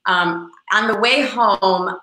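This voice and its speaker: Middle-aged female agent telling a lively anecdote in a roomy interview setting; crisp, bright tone, acts out the people in her story. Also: medium pitch, takes it slowly. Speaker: real estate agent, guest. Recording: roomy echo.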